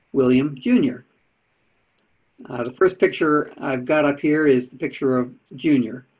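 In a dull lo-fi recording, a man with a husky, darkish voice on the high side delivers a casual history lecture with slides. He is a presenter of talks on Unitarian history, and his manner is chatty with dry asides.

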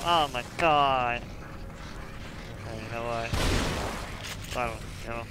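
A frustrated man commentating his gameplay, swearing constantly and swinging between muttered complaints and yelling outbursts. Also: mid-range voice, slow pace, long pauses, a little hiss or hum, poor audio. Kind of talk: raging let's-play commentary.

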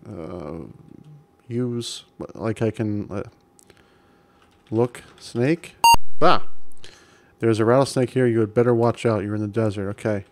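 A man's voice: fairly low pitch, slow, pauses often, darkish tone, slight background noise. A man casually commenting while playing an old adventure game, reading game text aloud with amused chuckles.

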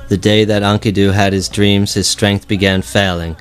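Deep, flat-toned man narrating an epic. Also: clean tone. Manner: slow solemn reading. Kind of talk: scripted audiobook narration of an epic. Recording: faint music bed behind.

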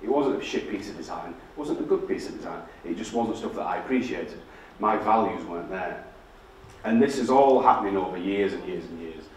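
This Yorkshire-accented guest speaker from Barnsley, England, spins candid stories laced with swearing for an audience at a public talk. His low voice is expressive and fairly quick, recorded from afar in an echoey large indoor lecture hall with a little hiss or hum.

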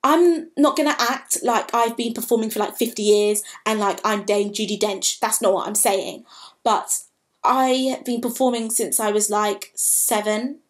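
A woman talks straight to camera in a personal vlog. Her voice sits a little high, and she speaks in candid, halting bursts, emotional and raw. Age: 20s. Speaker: vlogger.

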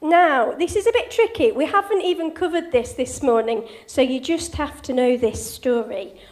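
A woman's voice: high voice, moderate pace, a little mellow. A woman giving an informal church talk, cheery and encouraging, quizzing children and telling a story. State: a bit out of breath. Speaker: church speaker leading a children's quiz and talk.

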